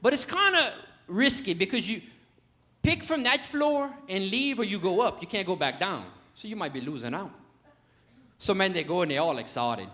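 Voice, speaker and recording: A man's voice: high-pitched, sing-song, normal speed, bright, forceful tone. A man with a Cajun accent telling a folksy stand-up story on stage, talking straight to the audience. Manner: folksy, chatty, addresses audience as y'all. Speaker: stand-up comedian. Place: comedy stage.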